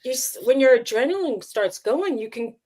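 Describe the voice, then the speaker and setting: A woman's voice: on the high side, animated, normal speed, darkish tone. Chatty woman co-host, easy laughter. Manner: chatty, laughs easily, rambling anecdotes. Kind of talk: casual chat.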